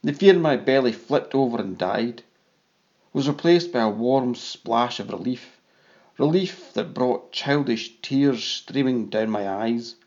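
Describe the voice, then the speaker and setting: A man narrating a first-person story at a slow, deliberate pace. His voice sits in a middle pitch. The recording sounds a bit dull. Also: darkish tone. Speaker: audiobook narrator.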